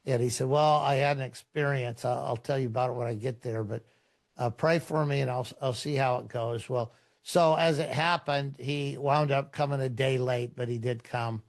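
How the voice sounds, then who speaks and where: A middle-aged man, a pastor, telling stories in a relaxed, rambling way, with many fillers and restarts. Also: medium pitch, normal speed. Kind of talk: conversational storytelling in a podcast interview.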